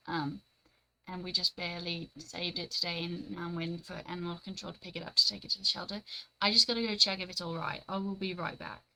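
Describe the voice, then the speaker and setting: A young woman talks loosely with her stream chat from home. Her voice is bright and forward, and she sits at a middling pitch. She is blunt, swears freely and laughs easily. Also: creaky, rough recording. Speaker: streamer reading and answering live chat.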